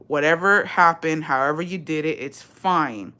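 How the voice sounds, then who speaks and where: A woman's voice: deep voice, normal speed, sharp tone. Profane, sassy woman ranting. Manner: profane, sassy and confrontational, switching into Spanish. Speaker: vlogger. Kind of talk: ranting live stream commentary.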